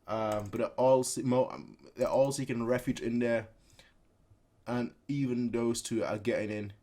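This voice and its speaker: A man hosting a casual reaction video who reads a manga aloud and makes his own sound effects in an animated way. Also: medium pitch, moderate pace. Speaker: reaction channel host.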